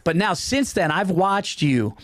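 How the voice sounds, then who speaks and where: A man hosting a podcast in casual chat, rambling and animated, with lots of restarts. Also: high voice, unhurried, dry recording. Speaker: podcast host.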